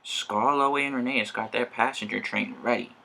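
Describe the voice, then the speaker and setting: Gravelly, bright male storybook narrator. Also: mid-range voice, fairly even intonation, moderate pace.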